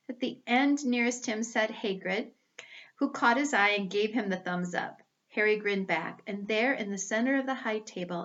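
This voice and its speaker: A woman reading a storybook aloud with careful, expressive delivery. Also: medium pitch, dull audio.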